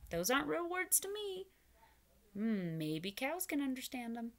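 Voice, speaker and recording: A woman reading a picture book aloud to preschoolers, pausing to explain words and invite the children to join in. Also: high-pitched, very animated. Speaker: children's storyteller.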